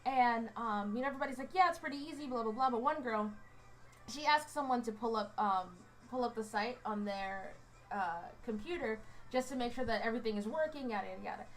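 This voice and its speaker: A young American woman in her twenties talks straight to her viewers in a loose, meandering way. Her voice sits a little high, and she keeps stopping to restart her thoughts with fillers. She sounds fidgety as she goes. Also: fairly quick. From United States. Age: 20s. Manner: rambling storyteller, many fillers and restarts. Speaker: college student vlogger. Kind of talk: casual chat. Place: indoors under a hot light.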